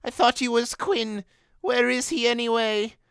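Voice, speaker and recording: A woman's voice: a little high, measured pace, smooth, no echo, clean studio sound. A woman voicing a cocky, flirty gangster man in a comic fanfic reading, with a brash, drawled delivery.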